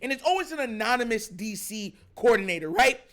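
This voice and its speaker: Man, very high voice, sports reaction host, animated, laughs a lot. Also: fairly quick. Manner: animated, excitable, laughs often, mimics players. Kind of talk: casual sports reaction commentary.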